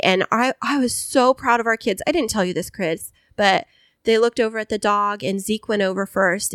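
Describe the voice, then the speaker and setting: Woman, casual podcast co-host, animated storyteller, dry room. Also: medium pitch, dry recording. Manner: chatty, animated storyteller who acts out voices.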